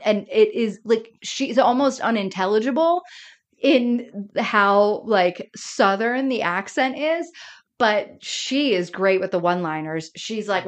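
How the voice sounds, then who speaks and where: A woman's voice: mid-range voice, measured pace. Chatty woman co-hosting a podcast. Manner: animated, laughs often, quotes characters. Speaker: podcast co-host. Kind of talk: casual chat.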